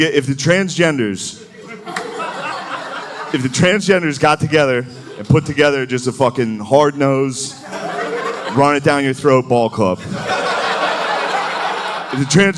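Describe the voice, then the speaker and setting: A male stand-up comedian doing a loose, conversational set on stage. He often laughs at his own jokes. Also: on the high side. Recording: noisy live comedy show.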